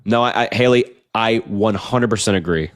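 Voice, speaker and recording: Young guy on a late night stream, low-ish voice, earnest rambling rants, kinda tired. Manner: earnest, repetitive, fast rants with filler "like". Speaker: political livestreamer. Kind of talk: late-night livestream talk, reading chat.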